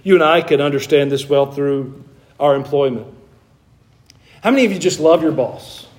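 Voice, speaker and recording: A man's voice: on the high side, normal speed. A man preaching a sermon in a folksy storytelling way, full of personal anecdotes, often repeating phrases and restarting. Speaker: pastor.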